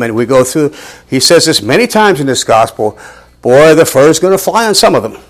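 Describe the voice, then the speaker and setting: A man leads a Bible study in a church, his voice swinging widely in pitch as he stresses his points. He talks to the group in a conversational, emphatic way, at a middle pitch for a man. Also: a little fast. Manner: animated, emphatic, conversational teaching. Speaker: Bible teacher.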